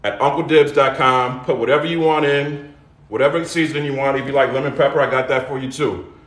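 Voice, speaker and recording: A man's voice: medium pitch, fairly even intonation, fairly quick, roomy sound. A middle-aged man hosting a casual live cooking demo, loose and chatty, calling out to his viewers. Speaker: cooking show host. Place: home kitchen.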